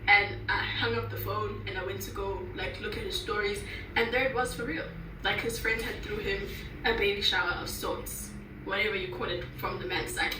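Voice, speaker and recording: A woman's voice: medium pitch, steady tone, fairly quick. A woman telling a dramatic story in casual chat, exclaiming and laughing as she goes. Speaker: storyteller in a clip. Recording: echoey, distant, noisy.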